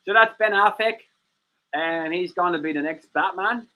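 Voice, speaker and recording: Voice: mid-range voice, unhurried, sharp tone, poor audio. A livestream host chatting casually, rambling and joking at their own expense. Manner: rambling, jokey, self-mocking.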